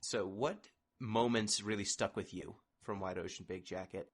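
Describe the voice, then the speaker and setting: A man with a somewhat low voice hosts a casual podcast chat. He talks in a wry, discursive way, steering the discussion from one point to the next. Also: steady tone, normal speed, husky. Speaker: podcast host.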